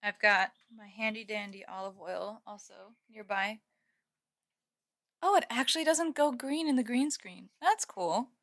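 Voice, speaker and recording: A woman's voice: mid-range voice, unhurried, a bit bright. A young woman live-streaming from home, chatting casually with viewers and laughing often. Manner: giggly, chatty, reads chat aloud.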